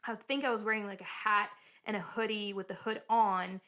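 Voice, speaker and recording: A woman's voice: mid-range voice, fairly even intonation, moderate pace, fairly bright tone. Young woman podcaster chatting on a couch, giggly, tells long stories. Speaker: podcast co-host. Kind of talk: casual chat. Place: living room couch.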